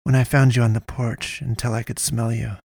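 A man's voice: flat delivery, normal speed, vocal fry, darkish tone, no echo, studio quality. Man voicing a curt, fierce wounded young woman. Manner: low, clipped, muttering.

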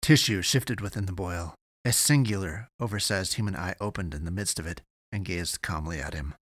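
A man giving steady, measured scripted narration of an audiobook. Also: low voice, dry recording.

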